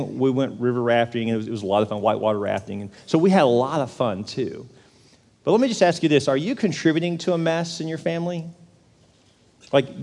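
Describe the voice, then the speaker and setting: A pastor preaching a sermon in a church, telling humorous stories and putting questions to the congregation in an animated way. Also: male voice, medium pitch. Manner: animated, humorous storytelling that asks the crowd questions. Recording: long reverb of a large hall.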